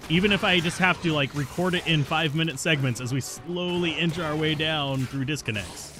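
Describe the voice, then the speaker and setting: A man's voice: fairly high pitch, expressive, brisk, a bit bright, slight background noise. A man streaming a video game live, chatting casually and answering viewers' questions between plays, stubborn and self-mocking. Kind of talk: casual live gameplay commentary.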